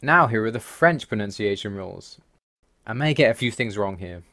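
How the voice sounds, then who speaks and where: In an explanatory voice-over over slides, a male language-learning video host methodically runs through language rules one at a time, wry and mildly exasperated. His fairly low voice is animated, bright, and forceful at a moderate pace.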